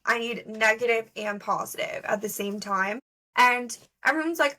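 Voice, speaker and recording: Bright chatty young woman. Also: a little high, moderate pace. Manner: chatty, lots of fillers, storytelling. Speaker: podcast co-host. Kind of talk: casual chat.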